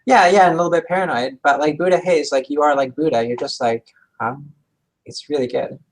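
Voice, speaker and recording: Husky woman rambling in casual chat. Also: low-pitched, fairly quick, low-quality recording. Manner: rambling, hesitant, full of fillers. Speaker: co-host.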